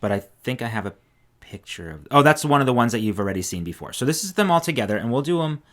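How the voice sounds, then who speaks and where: A man co-hosting a knitting podcast, relaxed and chatty, often trailing off and restarting. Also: medium pitch, fast talker. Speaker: podcast co-host. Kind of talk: casual chat.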